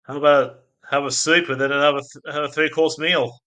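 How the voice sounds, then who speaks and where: A man's voice: fairly high pitch, little pitch movement, a little fast, pushed and bright. An Australian man chatting casually on a live stream, rambling between topics and laughing often at his own crude jokes. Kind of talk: casual live-stream chat, reading out viewer comments.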